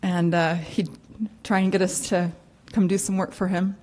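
A woman's voice: on the low side, level tone, moderate pace, darkish tone. A woman close to tears gives an unscripted eulogy in a funeral chapel, her thoughts coming out in loose, rambling order. She apologizes often and breaks into small laughs as she recalls fond memories. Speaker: granddaughter giving a eulogy.

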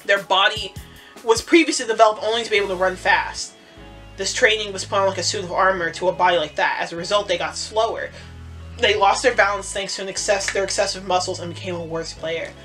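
A woman reading out the lines of a pompous male coach lecturing young players, in a flat read-aloud tone. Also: mid-range voice, fairly quick, faint music behind, lightly acted.

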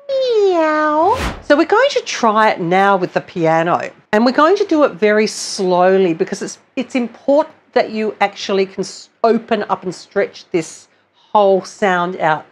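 A woman's voice: medium pitch, very animated, normal speed. A woman vocal coach giving a singing lesson, explaining technique patiently and step by step. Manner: patient, explanatory, demonstrates sounds between explanations.

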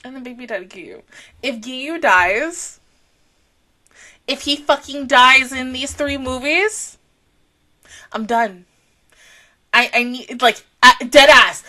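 A woman hosting an anime reaction, talking casually, swearing freely and swinging between soft musing and loud outbursts. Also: high voice, slow, long pauses.

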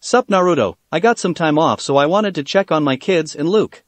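A laid-back, casual male god read by a man in a slightly high, dry voice. It is a plain storybook read. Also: animated, moderate pace, no echo, natural voice.

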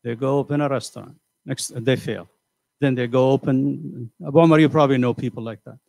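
An older man giving a motivational seminar, animated and conversational, asking the audience questions and acting out voices. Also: mid-range voice, brisk, vocal fry, no room sound. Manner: animated, acts out quoted voices. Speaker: seminar speaker. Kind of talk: motivational lecture. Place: community center hall.

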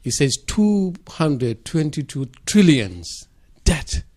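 A man chatting as a guest on a radio talk, telling stories in an informal, halting way. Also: on the high side, sing-song, a little mellow. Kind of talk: casual radio conversation.

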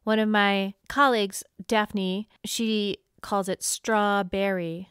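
A woman's voice: medium pitch, level tone, slow pace, fairly bright tone, clear, resonant tone, dry recording, studio quality. A woman teaching fiddle on a podcast in a friendly way, laughing often and singing bowing rhythms aloud. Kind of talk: instructional podcast talk.

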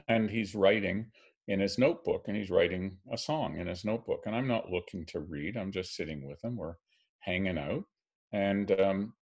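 An older Canadian man, a filmmaker, telling a story gently and reflectively as a guest on a video call. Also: on the low side, slightly rough.

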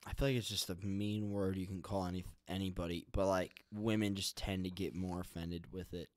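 A young man with a very low voice hosts a podcast in a laid-back, blunt, casual way, swearing freely as he talks. The sound is close and dry with no room around it. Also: little pitch movement, a little fast, dry recording. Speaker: podcast host. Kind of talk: casual chat.

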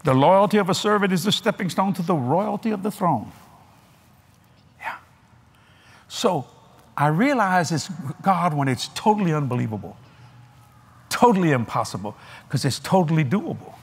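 Older preacher guy, husky voice that jumps all over the place, folksy and laughing. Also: a little high, normal speed, long pauses. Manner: animated, laughing, drawling with folksy asides. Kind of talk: sermon. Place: large convention hall.

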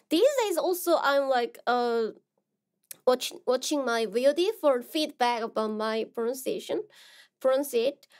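A young woman with a Korean accent, a streamer chatting casually with her viewers, soft-spoken and halting, full of fillers and restarts. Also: high-pitched.

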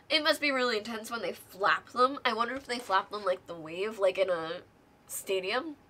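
A woman hosting a casual show-and-tell vlog, gushing and excitable with plenty of filler words. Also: medium pitch, moderate pace, slight background noise. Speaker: guest host showing board game miniatures.

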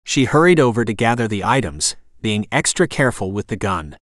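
Male audiobook narrator, animated pitch, dry close-mic sound. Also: a little fast, no echo. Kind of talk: scripted narration.

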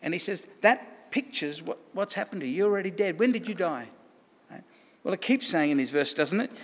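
A man with an Australian accent preaching a sermon in a conversational way, often asking questions and restarting phrases. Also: sits high. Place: church hall. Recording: long church reverb.

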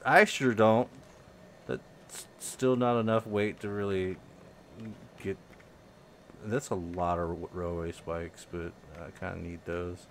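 Young guy doing slow laid-back game commentary, mumbles to himself then goes off in big high rants. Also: a little hiss or hum. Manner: mutters low, then bursts into loud, high, exasperated rants. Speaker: game video host. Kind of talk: casual gameplay commentary.

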